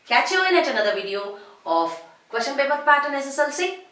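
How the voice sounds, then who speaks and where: A woman teaching a grammar lesson, slowly drawing out each example phrase and repeating forms. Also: high-pitched, big pitch swings, a bit bright. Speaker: English teacher. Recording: echoey room.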